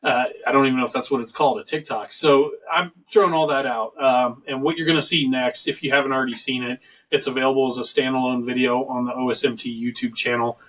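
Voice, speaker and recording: A man's voice: mid-range voice, steady tone, quick pace, fairly bright tone, recorded from a distance, rough recording. A middle-aged man hosting a casual online talk show, rambling and joking as he tells stories. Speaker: show host. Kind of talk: casual podcast chat. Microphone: video call.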